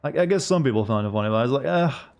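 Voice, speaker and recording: A man's voice: medium pitch, animated, very fast, darkish tone, faint music behind. A man streaming a video game, chatting casually and joking with his chat as he plays. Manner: rambling, joking asides to chat. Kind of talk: casual gameplay commentary.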